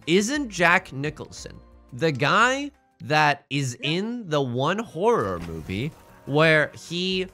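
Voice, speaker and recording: Bright, animated man rambling over game music. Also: fairly high pitch. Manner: rambling, goofy, jokey asides. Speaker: streamer. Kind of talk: casual game commentary.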